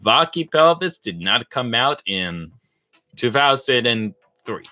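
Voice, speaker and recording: A man chatting casually on a livestream while he builds, playful and rambling, poking fun at himself as he thinks out loud. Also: mid-range voice, sing-song, slow. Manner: playful, rambling, self-mocking, thinks aloud. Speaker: livestreamer building brick models.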